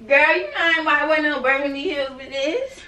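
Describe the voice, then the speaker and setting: A woman's voice: high voice, fast, pushed and bright, far from the mic. A young woman in casual prank-vlog banter, playful and teasing, using a lot of slang. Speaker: vlogger pulling a prank. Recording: echoey room, from off-mic.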